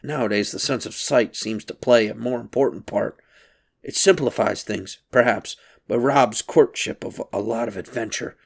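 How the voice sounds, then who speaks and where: A man's voice: fairly low pitch, normal speed, gravelly. A man reading aloud, voicing a thin, crouched old grandfather who wheezes and grates with mischievous glee. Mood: amused. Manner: wheezy, grating, chuckling.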